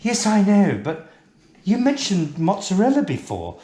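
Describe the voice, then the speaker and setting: A man's voice: high voice, huge pitch swings, a little slow, mellow, echoey room, exaggerated voice. A man playing a posh, tipsy middle-aged British lady who hosts a cooking show, plummy and chatty, calling everyone darling.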